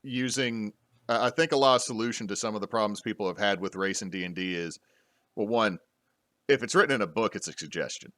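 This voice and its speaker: A man's voice: lowish voice, fairly quick, fairly bright tone, no room sound, clean studio sound. Rambling casual male panel host. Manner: rambling, frequent restarts and fillers. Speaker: podcast host and game master.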